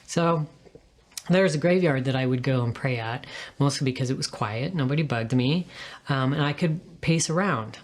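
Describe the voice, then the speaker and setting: A woman with a low voice tells her personal faith testimony. She speaks earnestly and reflectively, pausing and restarting as she goes.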